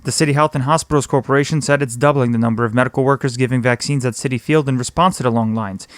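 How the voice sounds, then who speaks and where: A man reads the week's headlines at a rapid clip, keeping his delivery steady and even. The sound is close and dry, with no room around it. His pitch sits in the middle range. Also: no echo. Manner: brisk, steady read. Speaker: news podcast host. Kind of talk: scripted news roundup.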